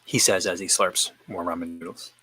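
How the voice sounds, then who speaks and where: Bright-voiced man rambling through viewer questions. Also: sits low, fairly even intonation, moderate pace, a little hiss or hum, rough recording. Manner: rambling, thinks aloud while answering viewers. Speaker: running channel host. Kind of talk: casual live-stream chat while eating.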